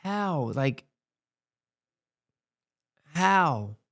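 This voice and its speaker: A man's voice: fairly high pitch, sing-song, drawn-out words, fairly bright tone. A man hosting casual reaction commentary, rambling and exasperated, with many fillers. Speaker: host.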